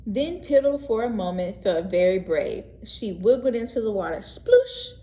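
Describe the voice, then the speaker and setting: A woman teacher reading a picture book aloud to young children, gentle and expressive, pausing to ask questions and explain words. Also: medium pitch. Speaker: pre-K teacher. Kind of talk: read-aloud story lesson for young children. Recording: echoey room.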